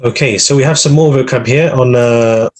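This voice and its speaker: A man's voice: medium pitch, normal speed. A man teaching an online Arabic class on a video call, patiently going through vocabulary with translations.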